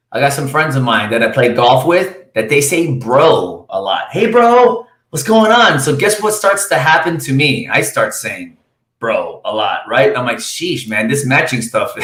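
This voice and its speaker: Hyped male sales coach in an echoey office. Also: a bit bright. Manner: high-energy, hyped. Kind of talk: live cold-call coaching session.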